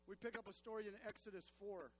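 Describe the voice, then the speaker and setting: A man's voice: high voice, fast, slight background noise. A man preaching a sermon in a church, addressing the congregation emphatically and repeating key phrases. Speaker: pastor.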